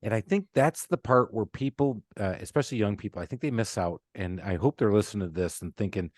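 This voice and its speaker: A man's voice: lowish voice, quick pace, darkish tone, dry recording, clean studio sound. A man hosting a podcast interview, chatty and enthusiastic, talking casually with plenty of fillers. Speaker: podcast host.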